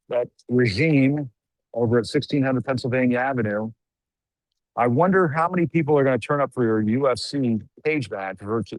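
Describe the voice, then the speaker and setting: A man's voice: mid-range voice, no room sound, rough recording. Man reporting live outdoors at night. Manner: conversational, wry asides, frequent fillers. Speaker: news show host reporting live. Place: outdoors at night among a crowd.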